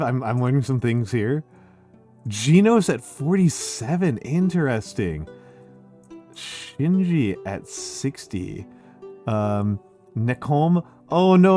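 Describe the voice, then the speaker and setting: A man's voice: mid-range voice, dark tone. A middle-aged man streaming, chatting casually with his audience, laughing often and using many fillers. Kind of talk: casual live-stream chat.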